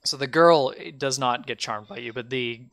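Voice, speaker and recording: A man's voice: medium pitch, moderate pace, creaky, a bit bright. A man narrating as game master in a loose, rambling way, full of fillers.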